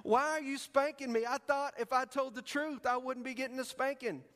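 A man voicing a tearful little boy who pleads in a high, whiny voice while telling a joke. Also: steady tone, moderate pace, a bit bright. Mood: tearful pleading.

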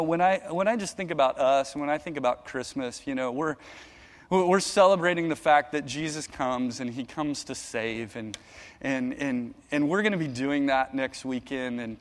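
A man in his thirties preaching a sermon as a pastor, earnest, often repeating words as he starts, moving between loud and hushed. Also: medium pitch. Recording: long hall reverb.

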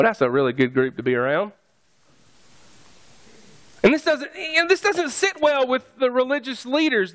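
High-voiced pastor preaching. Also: male voice, fairly bright tone. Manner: conversational, jokey asides to the congregation. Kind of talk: sermon.

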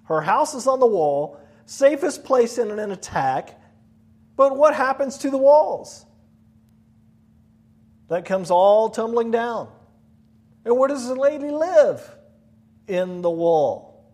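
A man preaching a sermon as pastor, animated and storytelling, acting out voices. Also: very high-pitched, slow pace, long pauses.

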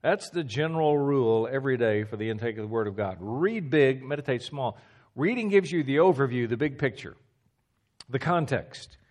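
A man preaching a teaching sermon in a mid-pitched voice. He leans hard on repeated phrases and falls to a quiet hush to drive points home. Now and then he stammers or restarts a word. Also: expressive, moderate pace. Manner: emphatic, repeats key phrases, drops to a low hush for stress.

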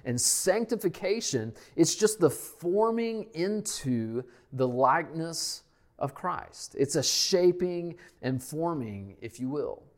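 Male pastor, sermon, emphatic delivery, repeats key lines, trails off softly. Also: a little high, expressive, slow pace. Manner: emphatic preaching, repeats key lines, drops to a hush at phrase ends.

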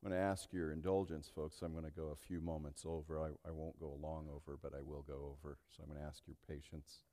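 A male pastor preaching an impassioned sermon, swinging between hushed and loud delivery. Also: rumbling low, flat delivery, fast talker. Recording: long hall reverb.

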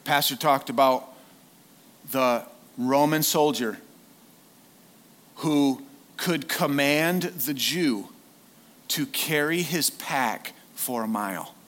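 A man's voice: mid-range voice, slow, pauses often, fairly bright tone. A man preaching a sermon in a casual, conversational way, often asking the congregation questions. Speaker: lay preacher, former youth leader.

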